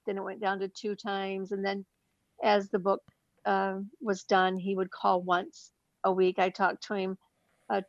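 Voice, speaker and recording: A woman's voice: medium pitch, no room sound. Female author answering, slightly dull audio. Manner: earnest, recounting with fillers. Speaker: guest, book author. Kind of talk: interview answers.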